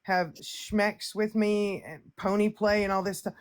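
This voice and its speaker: A woman's voice: mid-range voice, steady tone, unhurried. Brash, cussing woman chatting on a stream. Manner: brash, profane, boastful. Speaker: livestream host. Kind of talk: casual chat.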